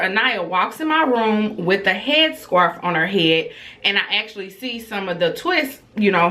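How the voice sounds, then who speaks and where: A woman in her thirties telling a family story in a casual, chatty vlog style, talking straight to her viewers. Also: medium pitch. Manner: chatty and animated, addresses viewers as y'all; acts out quoted dialogue, dropping to a whisper for her child.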